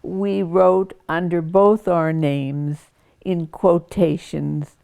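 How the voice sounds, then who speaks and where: Slow, gravelly older woman. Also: fairly low pitch, steady tone, warm tone. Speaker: interviewee. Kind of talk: news interview.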